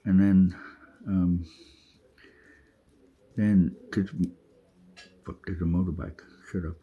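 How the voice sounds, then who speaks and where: A man's voice: low-pitched, steady tone, slow pace, breathy edge. A man delivering a rambling, urgent spiritual monologue to camera, full of swearing and restarts. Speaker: vlogger. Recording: dull lo-fi audio.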